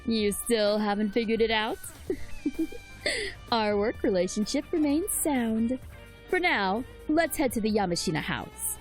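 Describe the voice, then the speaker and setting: A woman voicing a composed investigator who speaks in a formal, measured way. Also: fairly high pitch, sing-song, faint music behind, pitched below the performer's own voice. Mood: calm.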